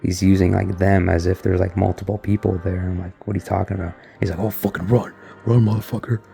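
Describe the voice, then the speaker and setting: A young man tells his story in a deep, gravelly voice that stays almost monotone. He talks in a loose, rambling way, packed with filler words, and his tone is dark and mellow. Soft music plays faintly underneath. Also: quick pace. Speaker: vlogger recounting an experience. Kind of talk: casual spoken retelling.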